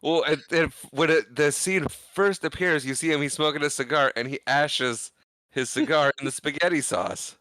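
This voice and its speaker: A man co-hosting a podcast, chatting casually about a movie and offering dry, measured critiques of its scenes. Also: a little high, bright, forceful tone, no echo. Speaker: podcast co-host.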